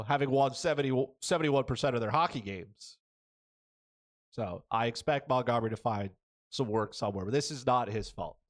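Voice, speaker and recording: Male podcast host, mid-pitch, blunt and opinionated sports talk, keeps checking in with "right?". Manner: blunt, frequent "right?" and "okay?" tags.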